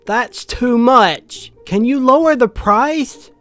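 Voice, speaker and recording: A man's voice: extremely high pitch, slow, fairly bright tone, pitched above the performer's own voice, exaggerated voice. A man voicing a bossy little girl of about five who haggles and demands a manager. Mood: demanding. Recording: faint background music.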